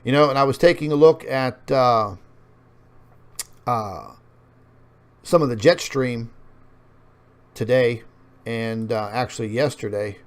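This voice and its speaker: An online news show host with a medium-pitched voice takes it slowly, pausing often, as he walks viewers through on-screen maps. His casual commentary rambles with many fillers, and he calls his audience folks.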